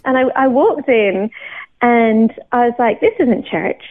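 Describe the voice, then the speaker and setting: Woman in her 30s, bright higher voice, lively testimony, phone-line quality. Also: moderate pace. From England. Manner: animated, laughs often. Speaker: guest sharing her faith story. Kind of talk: personal testimony. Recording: tinny phone-line sound.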